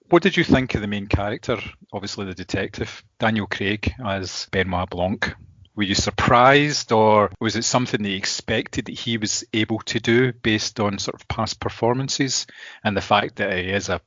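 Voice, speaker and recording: A man co-hosting a podcast, talking through a film review in a measured, wordy way. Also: fairly low pitch, fairly bright tone, dry recording. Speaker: podcast co-host. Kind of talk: casual film review chat. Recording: dull lo-fi sound, dry.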